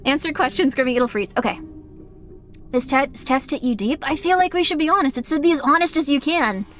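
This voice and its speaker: Faint music plays behind a young woman streamer whose fairly high, slightly bright voice moves fairly quickly. Chatting casually on a live game stream, she rambles candidly, apologizes often, and uses "like" in nearly every sentence.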